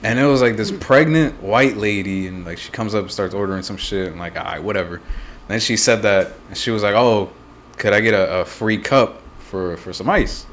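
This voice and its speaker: A man's voice: fairly low pitch, normal speed, a bit bright, slight background noise. A young man on a podcast, telling a story with lots of laughing and swearing. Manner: laughs often, swears freely. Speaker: podcast co-host. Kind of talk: casual chat.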